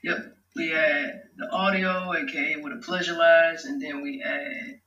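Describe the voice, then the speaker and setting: Bright, slangy man in an echoey room. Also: on the high side, steady tone, unhurried, recorded from a distance, lo-fi sound. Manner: loose, slangy and profane, laughing at his own work. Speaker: rapper making his own song. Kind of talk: casual vlog talk-through. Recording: echoey room, off mic, music behind. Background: his beat playing.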